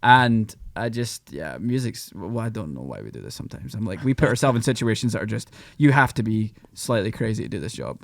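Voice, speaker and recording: A man with a Scottish accent, a podcast guest who talks in animated, rambling bursts. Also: lowish voice, fairly quick, gravelly, hardly any pauses, no room sound, studio quality. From Scotland. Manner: animated, rambling, breaks into mock voices. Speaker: podcast guest, country singer. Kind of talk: casual podcast chat.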